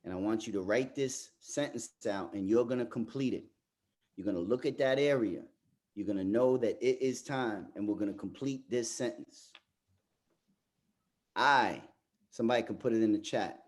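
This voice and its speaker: A man facilitating a fathers' group workshop who talks emphatically and often repeats words as he restarts. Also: fairly low pitch. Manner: turns soft and slow in reflective parts. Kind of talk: motivational workshop talk.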